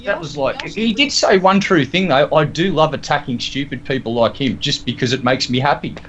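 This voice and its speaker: A man's voice: fairly high pitch, fairly quick, fairly bright tone. A man in a casual group voice chat, sarcastic and swearing freely. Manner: sarcastic and profane. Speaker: stream participant. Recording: dull lo-fi voice chat audio with faint noise.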